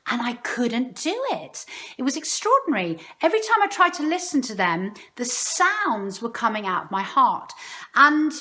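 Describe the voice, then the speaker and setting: A middle-aged woman, a meditation teacher, talking casually and expressively about a spiritual experience, shifting between quick bursts and slow, airy emphasis. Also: fairly high pitch, sing-song, pushed and bright. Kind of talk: casual spiritual talk to camera.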